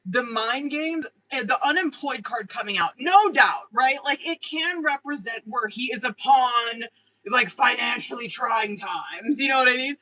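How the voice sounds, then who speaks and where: A woman giving tarot readings on a live stream, her voice bright and forceful. She talks straight to a viewer, swearing freely and riding an excitable energy. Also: fairly high pitch, unhurried, low-quality recording. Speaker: tarot reader.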